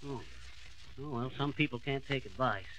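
A man's voice: medium pitch, normal speed, sharp tone, close to an everyday voice, low-quality recording. A man playing a boastful small-town braggart in a 1940s radio comedy, folksy and blustering. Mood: bragging. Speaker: comedy lead.

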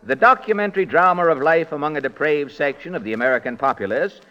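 A man hosting a 1940s radio comedy show, trading wry, quick comic patter. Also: on the high side, pushed and bright. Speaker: comedian host. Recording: dull lo-fi 1940s radio broadcast.

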